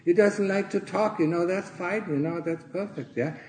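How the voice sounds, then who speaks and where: Earnest monk ending phrases with "yeah?". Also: male voice, high voice, moderate pace, darkish tone, echoey room, low-quality recording. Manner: earnest, tags nearly every phrase with 'yeah?' or 'huh?'; clears his throat often. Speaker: Buddhist monk teaching fellow monastics. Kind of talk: Dharma talk. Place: monastery in Thailand.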